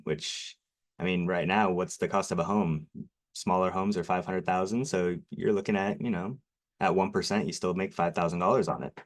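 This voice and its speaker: A man with a strikingly low voice gives a sales presentation on local TV. He talks nervously and apologetically, and fillers crowd his sentences. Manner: nervous, self-deprecating, many fillers. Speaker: garage door company presenter.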